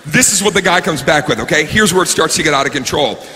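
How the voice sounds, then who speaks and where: Bright-voiced man doing stand-up. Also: on the high side, quick pace. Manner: animated, bursts into shouting. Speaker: stand-up comedian. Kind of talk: stand-up comedy set. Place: comedy stage before an audience. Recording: live show recording, reverberant hall, faint room noise.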